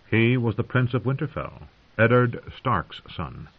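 A man narrating a fantasy audiobook in a dramatic, expressive reading. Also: medium pitch, unhurried, gravelly, husky. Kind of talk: scripted narration. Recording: dull lo-fi audio.

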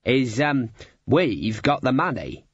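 A man's voice: medium pitch, very animated, takes it slowly, husky, dry recording, lo-fi sound, exaggerated voice. A man voicing an anxious male band member who moans and hesitates. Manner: moaning and hesitant.

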